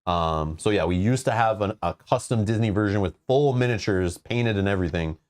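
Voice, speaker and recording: A man hosts a casual board game livestream in a somewhat low voice. He rambles easily and often restarts his sentences as he goes. The talk stays loose and chatty. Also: a little fast, darkish tone. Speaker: host of a board game channel.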